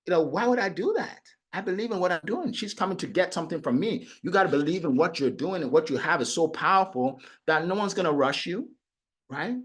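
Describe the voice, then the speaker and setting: Animated, husky-voiced male sales coach. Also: sits high, a little fast. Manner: animated, acts out clients and prospects in quoted voices. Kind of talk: motivational sales talk.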